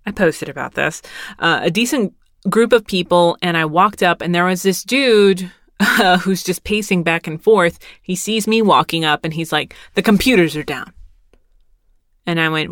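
A woman in her thirties tells a casual story in a rambling, wry way, with a few easy swears. Her voice sits a bit low. The recording is close and dry, with no room sound. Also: moderate pace, fairly bright tone, dry recording. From Texas. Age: 30s.

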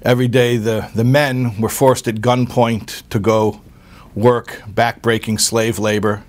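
A man giving an earnest storytelling talk, often repeating words and pausing with fillers. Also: mid-range voice, little pitch movement. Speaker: speaker giving a religious talk.

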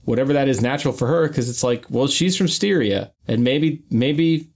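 A man's voice: medium pitch, moderate pace, darkish tone. A man co-hosting a podcast in casual chat, hedging with many "you know"s and dropping wry, dry asides. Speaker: podcast co-host.

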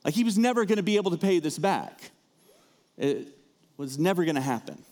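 A man preaching a sermon as pastor, talking in a conversational way and turning lively when he acts out the people in the story. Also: a little high, a little fast. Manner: conversational, animated when acting out characters.

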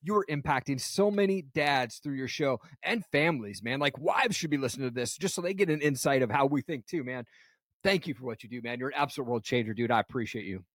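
A man's voice: mid-range voice, lively intonation, fast talker, a bit bright, dry recording. Dry-sounding, upbeat podcast host man. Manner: laughs often, says "dude" and "man" constantly. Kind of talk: casual chat. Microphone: video call.

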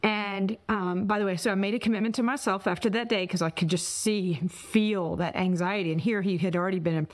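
A woman hosts a podcast in an animated, heartfelt conversational way. She tells stories with feeling, and her voice sits at a middle pitch for a woman. She speaks into a podcast mic. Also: a little fast, hardly any pauses. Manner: animated, emotional storytelling. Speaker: podcast host. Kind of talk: conversational interview.

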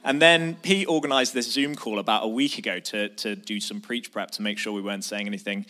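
Male preacher, lowish voice; relaxed, self-deprecating storyteller in the pulpit. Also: a little fast. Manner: conversational, self-deprecating, with filler ums. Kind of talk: sermon with personal storytelling.

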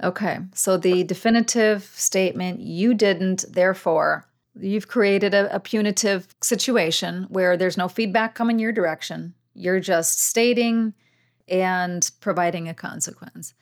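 A woman hosting a conversational interview, who thinks out loud and sums up her guest's ideas. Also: medium pitch, fairly even intonation, a little slow. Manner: reflective, affirming listener who sums up ideas. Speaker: podcast host.

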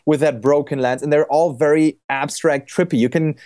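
A man's voice: a little high, steady tone, normal speed, warm tone. Rambling young man in casual podcast chat. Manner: loose, rambling, with many restarts and fillers. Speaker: podcast guest photographer.

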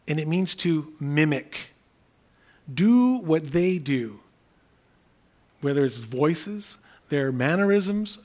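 A man preaching a sermon in an earnest, unscripted way, often restarting phrases and repeating key words slowly for emphasis. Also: a little high. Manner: earnest, thinking aloud with frequent restarts. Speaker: pastor.

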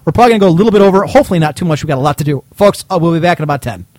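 A man with a slightly raised voice tells a rambling story at an easy, chatty pace. He sounds animated and laughs now and then. The sound is dry and close, with no room around it. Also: a little high, racing, no echo. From Cleveland, Ohio. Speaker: show host. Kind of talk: casual storytelling chat.

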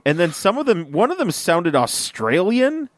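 A man's voice: high voice, wildly swooping pitch, normal speed, a little hiss or hum. A man co-hosting a casual podcast, laughing often and making exasperated asides. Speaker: podcast co-host.

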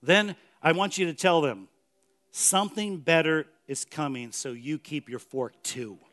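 A man softly voicing a hopeful dying churchwoman. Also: fairly high pitch, measured pace.

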